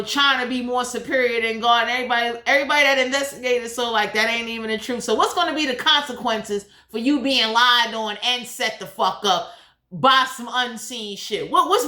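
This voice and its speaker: A woman's voice: fairly high pitch, brisk, bright, forceful tone. A woman doing a blunt, profane, heated tarot reading in a casual monologue. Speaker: tarot reader. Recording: echoey room.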